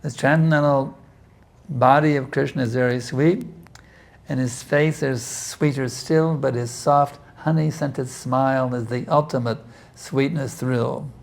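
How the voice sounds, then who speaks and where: This man has a gravelly, mid-range voice. As a spiritual teacher answering questions in an informal scripture class, he talks conversationally with lots of "you see" asides and restarts, sometimes acting out prayers with intense pleading.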